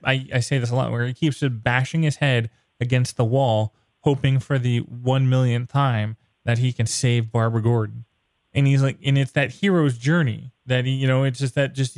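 Brief: male podcast host, excitable and exasperated, dry close mic. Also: mid-range voice, dry recording. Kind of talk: casual comic book chat.

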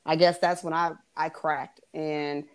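A woman co-hosting a podcast, chatting in a relaxed way, laughing easily and trailing off into fillers. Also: low-pitched, unhurried, clean tone. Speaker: podcast co-host. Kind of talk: casual chat.

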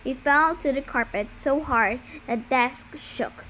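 Reading a novel aloud as an amateur audiobook, a woman speaks a little slowly with hardly any pauses, her voice sitting high with a fairly bright tone. She lifts her voice for dialogue and sometimes stumbles and restarts words, over poor audio with slight hiss or hum.

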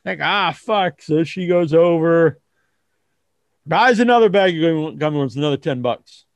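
A man hosting a casual wrestling talk show, rambling and profane, acting out kids in squeaky voices. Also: expressive, moderate pace, no room sound. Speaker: host.

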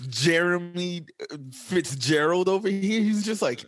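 A man's voice: sits high, animated, measured pace, dry recording. A man co-hosting a casual podcast, joking in a laid-back way and cursing casually. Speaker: podcast co-host.

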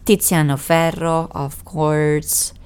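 A woman's voice: low-pitched, level tone, slow pace, a little mellow, clean tone. A woman, co-hosting a podcast in casual chat, talkative and self-deprecating, restarting her sentences often. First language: Italian. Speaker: podcast co-host.

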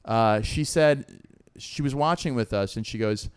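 A man's voice: medium pitch, measured pace, clean tone. A man co-hosting a podcast in casual chat, sarcastic and joking, with lots of fillers. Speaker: podcast co-host.

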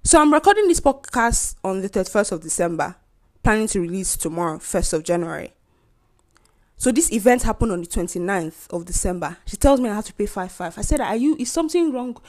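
A woman hosting her own podcast, retelling an everyday story in a lively, incredulous way and acting out both sides of the conversation. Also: mid-range voice, fairly quick. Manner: animated, incredulous retelling with voiced dialogue. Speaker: podcast host. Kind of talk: casual storytelling monologue.

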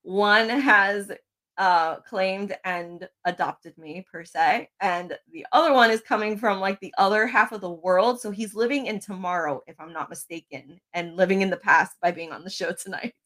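A woman's voice: medium pitch, moderate pace, fairly bright tone. A bubbly woman who laughs easily, hosting a casual podcast on a video call. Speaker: podcast host.

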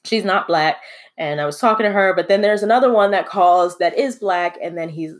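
A woman talking casually with a fairly low voice for a woman. She thinks out loud, filling her sentences with "like" and "you know". Her delivery is relaxed and conversational. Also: a little fast. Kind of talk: casual chat.

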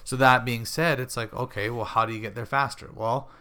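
Man, 30s, fighter, casual podcast chat, rambling storyteller, average pitch. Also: steady tone, a little fast, bright, forceful tone, clear, resonant tone. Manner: rambling storyteller, acts out quoted voices. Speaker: MMA fighter.

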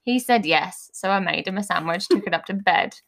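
A woman's voice: on the low side, a little fast, creaky, a bit bright. A woman from Liverpool with a Scouse accent, co-hosting a podcast in chatty, rambling storytelling. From Liverpool, England. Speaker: podcast co-host. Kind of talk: casual chat.

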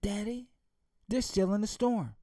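A man's voice: sits high, a little slow, warm tone, dry recording, clean studio sound, voice pushed up. A man voicing a young girl, a new driver, who sounds anxious and pleading in a spoken story. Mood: anxious, puzzled.

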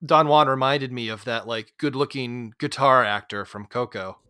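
A man hosting a relaxed movie talk, his voice at an everyday middle pitch. He chats loosely and laughs easily. The sound is dry and close. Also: moderate pace, smooth, dry recording. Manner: chatty, uses "like" a lot, laughs easily. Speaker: podcast host. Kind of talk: casual movie discussion.

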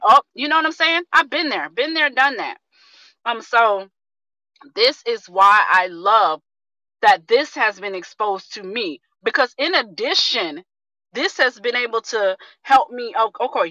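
A woman in her thirties giving an energetic, preachy testimony on a group video call, repeating herself for rhythm and calling her listeners family. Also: fairly high pitch, measured pace, no echo, highs cut off. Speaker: community member sharing testimony.

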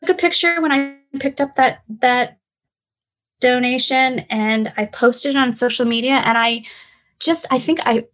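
A woman's voice: sits high, measured pace, fairly bright tone, soft background music. A middle-aged woman with a talkative, hyper manner, telling her story as an interview guest. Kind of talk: storytelling in a conversation.

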